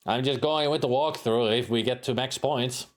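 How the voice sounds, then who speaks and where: A man's voice: mid-range voice, moderate pace. A man streaming a retro adventure game, reading its text aloud and making playful asides.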